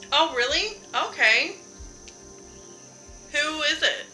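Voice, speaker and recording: A woman's voice: sits high, pushed and bright, poor audio. A young woman streaming a game from home, chatting casually with her viewers, laughing often and swearing lightly. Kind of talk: casual live-stream chat while gaming.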